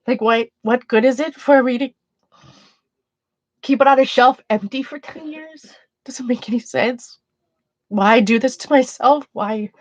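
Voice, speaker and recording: A woman talks casually to viewers of her art livestream from her home art room. Her voice sits a little high, and she rambles, restarting sentences as she questions herself. The sound is dry and a bit dull, like modest stream audio. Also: a little slow, dry recording.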